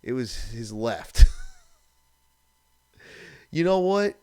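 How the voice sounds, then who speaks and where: A man's voice: medium pitch, drawn-out words, clean tone. Ranting, foul-mouthed male stream host. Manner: animated, profane, exasperated ranting. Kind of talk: casual live-stream rant.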